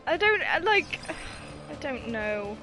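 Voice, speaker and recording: Woman gamer host, unhurried exasperated chatter, faint game music behind. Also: high voice, very animated. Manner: exasperated, swears often, laughs at herself. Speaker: gaming video host. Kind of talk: casual let's-play commentary.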